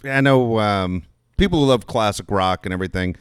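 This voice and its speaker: A man's voice: fairly low pitch, a little fast, smooth, no room sound, studio quality. A man co-hosting a casual podcast, laid-back and supportive, mostly chiming in with short agreements. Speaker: podcast co-host. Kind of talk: casual chat.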